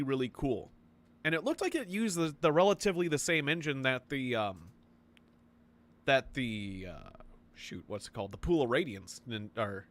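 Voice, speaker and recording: A man casually commenting as he plays a video game, rambling through memories and reacting excitably. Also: medium pitch. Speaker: gaming video host. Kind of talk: casual let's-play commentary.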